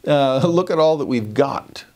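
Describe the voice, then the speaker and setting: A man voicing a smooth male salesman who coaxes people to move in and trust him with their money. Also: mid-range voice, lively intonation, a little slow, a little mellow, voice pushed up. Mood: coaxing. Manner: coaxing, upbeat sales patter. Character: slick male pitchman selling the merchant city.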